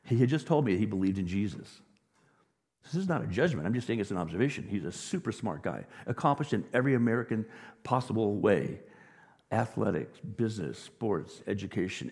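Animated male pastor in a reverberant hall. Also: fairly low pitch, husky. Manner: animated, swings from quiet to loud emphasis. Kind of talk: sermon. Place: church sanctuary. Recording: long reverb of a large hall.

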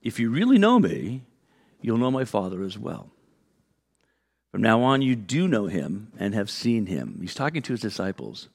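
A man's voice: fairly low pitch, normal speed, gravelly, slightly rough. A man from California preaching a sermon as a pastor, telling a story with lots of fillers and restarts and acting out the people in it. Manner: animated storyteller, acts out quotes, many fillers and restarts.

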